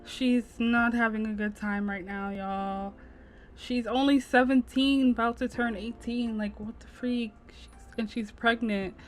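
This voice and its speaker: A woman's voice: on the high side, steady tone, measured pace. A woman narrating her game playthrough in chatty, slangy commentary, talking straight to her viewers. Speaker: gameplay narrator. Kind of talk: let's play commentary. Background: game music.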